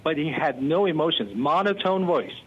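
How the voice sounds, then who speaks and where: A man, a pastor being interviewed, telling stories animatedly and given to excited outbursts. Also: on the high side, normal speed, slight background noise. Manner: animated, bursts into excited exclamations. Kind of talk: storytelling interview talk. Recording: muffled lo-fi.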